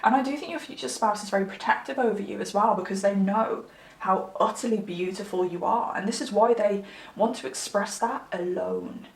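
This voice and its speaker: A woman's voice: medium pitch, brisk. A woman reads tarot for her viewers in a chatty, affectionate, rambling way, full of fillers and asides. She sounds slightly under the weather. Her mid-range voice bounces around an echoey room. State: slightly unwell. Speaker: tarot reader. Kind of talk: pick-a-card tarot reading.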